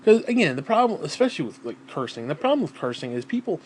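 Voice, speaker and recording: A man ranting to camera in a vlog, blunt and heavy on swearing, sighing and clearing his throat between thoughts. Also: on the high side, sing-song, quick pace, slight background noise. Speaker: vlogger. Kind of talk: profane personal rant to camera.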